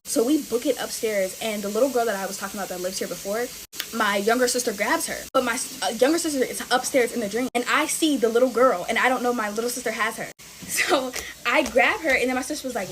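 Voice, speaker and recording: Chatty higher-voiced woman telling scary stories. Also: fast talker, noisy background. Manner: chatty, talks straight to viewers. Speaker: storytime vlogger. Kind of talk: casual scary storytime while making slime.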